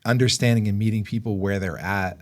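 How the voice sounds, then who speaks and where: A man hosting a casual interview, speaking in a measured, affirming, encouraging way. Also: fairly low pitch, steady tone. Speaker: host.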